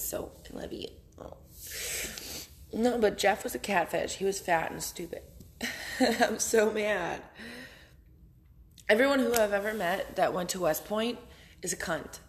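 A young woman, hosting a casual podcast while hungover, in a rambling, profane, blunt way from her house. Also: on the low side. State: hungover, low energy. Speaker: podcast host.

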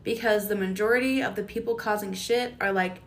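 A woman's voice: medium pitch, steady tone, a little fast. Young woman, podcast co-host, blunt and opinionated, casual chat, laughs between remarks.

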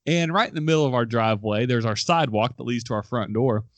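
A young man hosting a casual chat show, telling a story with lively quoted voices and frequent laughs. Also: mid-range voice, fast, no room sound. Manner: animated storyteller, acts out quotes, laughs often. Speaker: podcast host.

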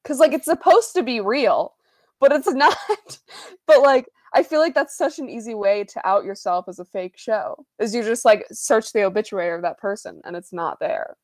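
A woman's voice: on the high side, normal speed, no echo. A woman in a casual podcast chat, laughing and mocking with her co-host.

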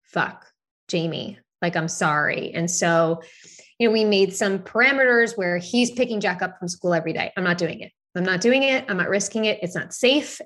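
A woman's voice: on the low side, fairly bright tone. A woman in her thirties telling a personal story in casual podcast chat, candid, swearing freely and leaning on "like" fillers. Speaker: podcast co-host.

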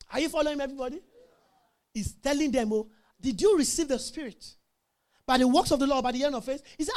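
A man's voice: very high-pitched, fast, pauses often. A man preaching a sermon, emphatic, asking the congregation questions and laughing often.

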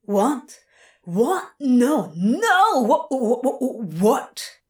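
A woman voicing a swearing, exasperated male demon who talks loudly and frantically. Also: high-pitched, very animated, very slow, husky, pitched above the performer's own voice, exaggerated voice. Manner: loud, exasperated, cursing.

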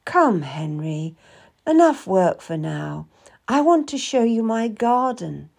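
A woman voicing a grieving Puritan widow, soft and earnest, in an audiobook reading. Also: a little high, big pitch swings, slow pace, gravelly, exaggerated voice. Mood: sorrowful. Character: grieving Puritan widow, lonely, gentle and shy.

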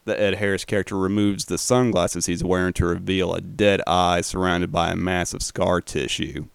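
Deep gravelly man recapping a film. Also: normal speed, no room sound. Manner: relaxed, swears casually, uses fillers. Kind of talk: casual film commentary.

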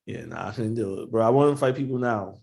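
A man's voice: fairly low pitch, animated, quick pace, gravelly, darkish tone. A man in laid-back, profane casual chat, laughing often and drawing words out.

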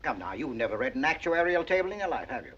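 An actor playing a fast-talking, scornful insurance claims man who lectures in a rapid, list-reciting tirade, heard from a dull old film soundtrack. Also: medium pitch, very animated, a bit bright, husky. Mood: lecturing.

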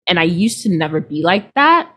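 A woman in her thirties, a healer, chatting casually and acting out quoted people with lively swings in her voice. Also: normal speed, breathy edge. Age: 30s. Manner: expressive, acts out quoted people with big pitch jumps. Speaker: guest, healer. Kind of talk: casual podcast conversation.

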